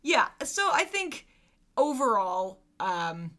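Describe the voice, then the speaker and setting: Podcast co-host, a woman in her thirties. She talks in an animated, chatty way and breaks into laughter. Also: fairly high pitch, takes it slowly. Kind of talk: casual movie-discussion chat.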